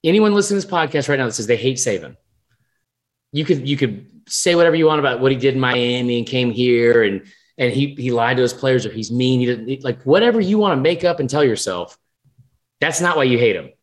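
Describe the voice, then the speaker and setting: A man co-hosting a sports podcast, talking in a rambling, animated, profane way. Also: medium pitch, a little fast. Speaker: podcast co-host. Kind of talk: casual sports chat.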